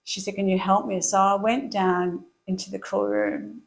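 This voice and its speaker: A middle-aged woman telling her story as an interview guest, chatty and quick to laugh. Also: medium pitch, fairly even intonation, low-quality recording. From Australia.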